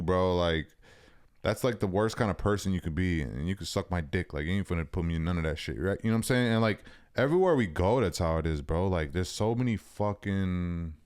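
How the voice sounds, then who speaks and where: Young male podcast co-host, low voice, profane and rambling, casual chat. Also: darkish tone, smooth. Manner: profane, rambling storyteller, says "bro" constantly.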